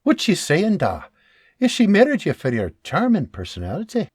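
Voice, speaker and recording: Guy doing a high-voiced sassy young woman, teasing, husky. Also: wildly swooping pitch, moderate pace, a little mellow, no room sound, studio quality, exaggerated voice. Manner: teasing, sarcastic. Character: young woman, teasing, sharp-tongued daughter.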